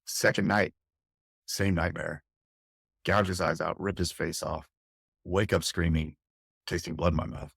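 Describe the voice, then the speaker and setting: A man's voice: low voice, fairly even intonation, measured pace, creaky, long pauses, a bit bright, husky, dry recording, clean studio sound. A middle-aged man, a fire captain, recounting a harrowing experience intensely and candidly in an interview, often restarting his phrases. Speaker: fire captain, podcast guest.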